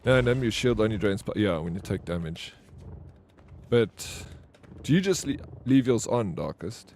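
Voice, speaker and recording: A man streams a video game live in a fairly low, darkish voice, a little slow but very animated, with slight background noise. Chatting casually, he reads and answers viewer messages and tells rambling stories full of fillers and restarts.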